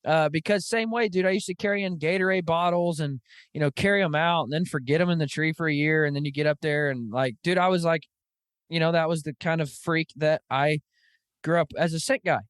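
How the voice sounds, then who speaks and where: A man hosting a podcast, telling stories in an animated, casual way, full of "dude" and "like". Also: fairly high pitch, fairly quick, clean tone, no room sound, clean studio sound. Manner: animated storytelling, lots of "dude" and "like". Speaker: podcast host. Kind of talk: casual chat.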